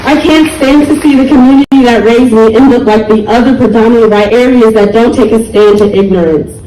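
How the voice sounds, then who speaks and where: A woman's voice: on the high side, brisk, mellow, roomy sound, distant mic, slight background noise, low-quality recording. Young woman giving an emotional, pleading speech. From United States. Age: young adult. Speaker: speaker at a community rally. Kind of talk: public speech.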